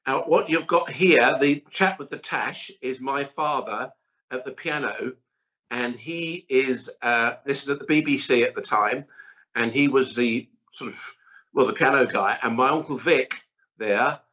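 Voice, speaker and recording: Bright-voiced chatty man, lo-fi. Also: medium pitch, a little slow. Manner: chatty, animated, rambling storyteller. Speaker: celebrity chef guest. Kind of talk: casual interview chat. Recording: dull lo-fi audio.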